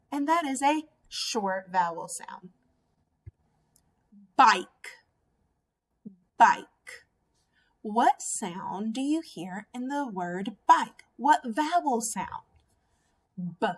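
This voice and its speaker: A woman teaching a phonics lesson to young children, sounding out each vowel slowly and clearly. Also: a little high, sing-song. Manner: slow, drawn-out sounding out of vowels. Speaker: first grade teacher.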